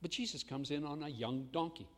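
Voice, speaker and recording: A man preaching a sermon as pastor, swinging between loud proclamation and hushed asides. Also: on the high side, fairly quick, in a large hall.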